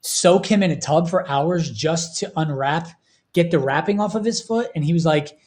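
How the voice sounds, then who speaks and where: A man's voice: a little high, normal speed, darkish tone. Earnest, heartfelt man on a podcast. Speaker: podcast host. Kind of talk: casual podcast chat.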